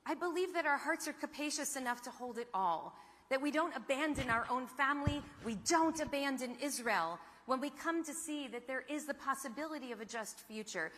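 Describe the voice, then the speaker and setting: Earnest middle-aged woman speechifying, very bright voice, echoey hall. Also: high-pitched, expressive, a little fast, slight background noise. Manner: earnest, rhetorical questions. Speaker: panel speaker. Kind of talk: impassioned speech. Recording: hall reverb.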